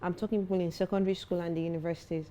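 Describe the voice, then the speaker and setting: Talking rapid-fire as an interview guest, a young woman who founded a foundation comes across earnest and self-assured. Her mellow, slightly low voice isn't bright, and stories make her animated. There's slight background noise.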